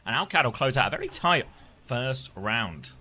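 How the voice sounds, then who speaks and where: A man calling an esports match live, with rapid, excited play-by-play. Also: mid-range voice.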